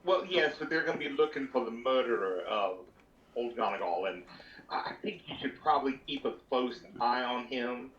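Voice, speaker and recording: A man's voice: medium pitch, animated, normal speed, fairly bright tone, a little hiss or hum. Earnest man at a tabletop game. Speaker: tabletop player. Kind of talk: in-character role-play chat. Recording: roomy, dull lo-fi stream audio.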